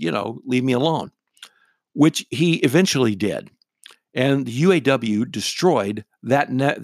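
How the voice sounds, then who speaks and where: A man's voice: medium pitch, dry recording, clean studio sound. A middle-aged man, a radio talk show host, telling a story casually in a blunt, wry and irreverent way.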